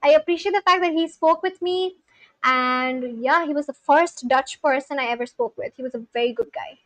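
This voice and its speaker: A woman's voice: high-pitched, moderate pace, a bit bright, dry recording. A young woman livestreamer chatting casually with viewers, talking back to chat with loose, filler-heavy speech. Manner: talks back to chat, scolding and reassuring.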